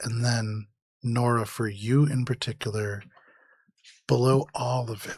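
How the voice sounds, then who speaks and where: A man narrating a tabletop game as game master, setting scenes in a measured, atmospheric way. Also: mid-range voice, little pitch movement, breathy edge, no echo.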